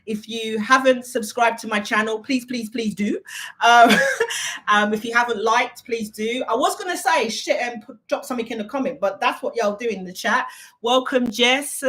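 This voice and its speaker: Casting note: English woman, somewhat high voice, rambling live-stream host chatting with viewers. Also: moderate pace, fairly bright tone. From United Kingdom. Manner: chatty and rambling, reading viewer comments aloud. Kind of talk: unscripted live Q&A chat.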